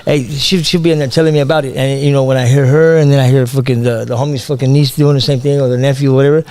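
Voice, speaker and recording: A man's voice: medium pitch, steady tone, fast, darkish tone, no echo. A middle-aged man on a late-night talk show, talking bluntly in slang and pressing others with questions.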